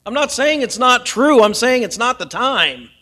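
A man preaching a sermon earnestly, swinging from loud emphasis down to near-whispers. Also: very high-pitched, expressive, normal speed. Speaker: pastor.

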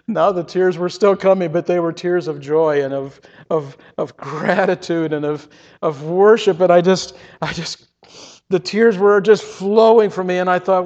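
A man with a fairly high voice tells an earnest first-person story, stumbling and repeating words as he goes. The recording is dull and lo-fi, with a long reverb trailing his words. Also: unhurried, a little mellow. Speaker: storyteller giving a testimony.

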